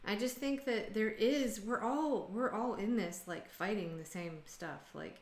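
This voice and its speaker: A woman's voice: medium pitch, a little slow, roomy sound, a little hiss or hum. An American woman hosting a casual group video call, venting bluntly and sarcastically. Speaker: host.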